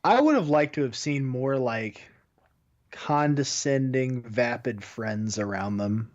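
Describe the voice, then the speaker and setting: A man co-hosting a movie podcast, giving measured opinions in casual chat. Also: mid-range voice, expressive, darkish tone, lo-fi sound. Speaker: podcast co-host.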